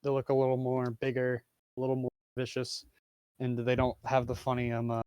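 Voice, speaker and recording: A man narrating as game master of a tabletop game, halting with many fillers. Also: mid-range voice, completely flat delivery, a little mellow, smooth, no echo, highs cut off.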